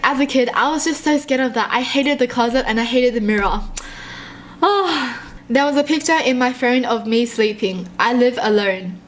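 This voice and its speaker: A young woman reading short horror stories aloud and reacting in a jumpy, excitable way, often laughing. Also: a little high, normal speed, a little hiss or hum.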